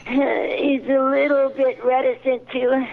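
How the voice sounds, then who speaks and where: A timid childlike dwarf. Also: male voice, extremely high pitch, completely flat delivery, takes it slowly, creaky, narrow, tinny audio, slight background noise, voice pushed up, heavily acted. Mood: scared. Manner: nervous, fretful whine.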